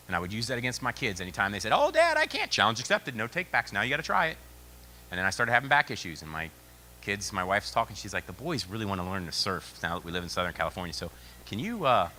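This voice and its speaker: A man gives a lively conference talk on youth sport, his voice swinging widely in pitch as he tells animated stories. His tone is bright and forward, with a faint hum underneath. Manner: animated storytelling. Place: meeting venue.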